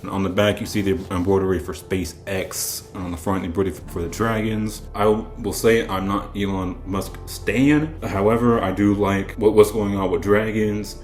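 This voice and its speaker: Young man from the South, low-pitched, laid-back vlog chat, roomy echo with faint music behind. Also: fairly even intonation, moderate pace, few pauses. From American South. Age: young adult. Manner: rambling, restarts often, laid-back storytelling. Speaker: vlogger. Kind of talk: casual show-and-tell chat. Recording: echoey room with faint music.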